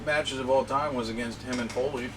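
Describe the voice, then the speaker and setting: A man's voice: mid-range voice, steady tone, a little fast, crowd noise. A man in a casual chat dropping in blunt, profane remarks.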